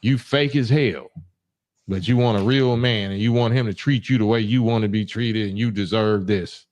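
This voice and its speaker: A man's voice: on the low side, moderate pace, darkish tone. A middle-aged man from Los Angeles hosting a livestream call-in, talking bluntly in casual street slang with frequent restarts. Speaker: livestream host.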